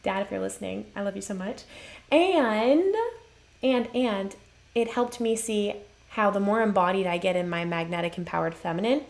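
An earnest woman coaching viewers on relationships in a live-stream talk. She presses her points home with emphatic repetition, in a voice of middling pitch for a woman. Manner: earnest, emphatic, repeats key phrases.

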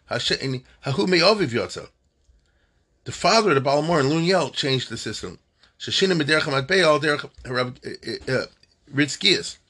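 A man giving an informal lesson, reading Hebrew passages slowly and explaining them in casual, halting asides. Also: mid-range voice, a bit bright. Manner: hesitant, many fillers and restarts. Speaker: Torah teacher. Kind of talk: informal text study lesson.

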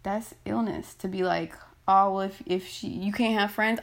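A woman's voice: medium pitch, steady tone, normal speed, creaky. A woman podcast host ranting casually and bluntly into her phone, swearing and exasperated.

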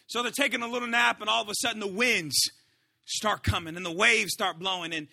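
A male pastor preaching a sermon in an animated way, swinging between shouts and hushed asides. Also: sits high, fairly quick, vocal fry.

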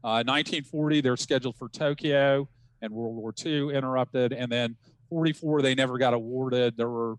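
Man, middle-aged professor, measured factual explaining, dry close sound. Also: medium pitch, fairly even intonation, no echo, low-quality recording. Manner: factual, measured, uses fillers. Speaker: history professor guest. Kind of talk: casual explanation in a podcast interview.

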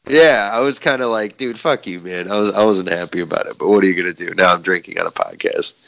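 A man's voice: sits low, fairly even intonation, quick pace, vocal fry, fairly bright tone. A young man co-hosting a podcast in casual chat, laid-back, swearing often and laughing a lot. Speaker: podcast co-host.

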